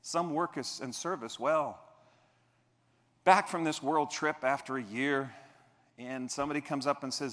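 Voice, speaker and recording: A man's voice: medium pitch, normal speed, a bit bright. A man on stage giving a motivational keynote, telling funny stories with playful asides to the audience. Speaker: keynote speaker. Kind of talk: motivational keynote with humorous storytelling. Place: large convention hall stage. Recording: echoey convention hall.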